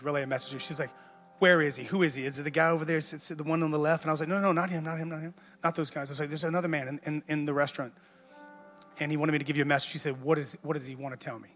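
A pastor gives a conversational sermon, telling a personal story, mocking himself and repeating words as he builds up. His voice is a little high and slightly bright, with music under a long hall echo.

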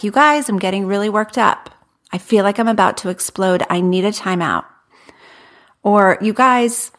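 A woman in her thirties talks straight to her podcast listeners with earnest, direct advice. She is candid about her own struggles. Her voice sits at an ordinary middle pitch. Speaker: podcast host. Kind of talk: podcast monologue.

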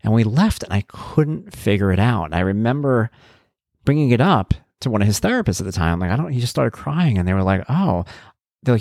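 A man's voice: lowish voice, very animated, a little fast, a little mellow, no echo, studio quality. A man, a parent blogger, talking in a rambling, conversational way with wry, blunt humor. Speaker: parent blogger talking about his son. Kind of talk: casual spoken monologue.

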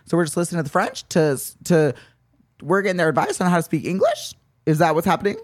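A young man hosting a podcast in casual chat, animated and dramatic with exaggerated outbursts. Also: on the high side, dry recording, clean studio sound. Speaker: podcast host. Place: Venice, California.

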